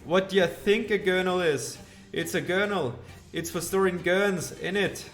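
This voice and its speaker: Man doing a Scottish farmer, put-on accent, grumpy, blustering, game character, slow drawn-out delivery, slightly high voice. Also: a bit bright, soft background music. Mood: impatient. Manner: blustering, rolling broad dialect words.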